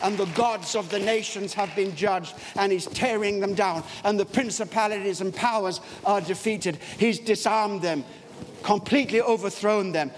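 A man's voice: sits high, normal speed. A man preaching a sermon in a church, emphatic and storytelling, with wide swings in his voice. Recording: long hall reverb, faint background noise.

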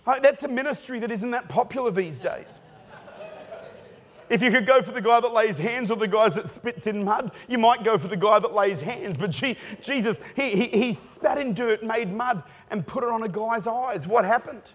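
A high-pitched man preaches a sermon, full of jokes and stories that build to shouts. His voice rings out with a long reverb tail from a big hall. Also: moderate pace. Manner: animated, joking storytelling with bursts of shouting.

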